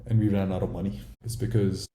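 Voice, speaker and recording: A man's voice: deep voice, fairly even intonation, fast talker, mellow, roomy sound, a little hiss or hum. A man with an Indian accent, a startup founder talking candidly and bluntly in a casual interview, with some swearing.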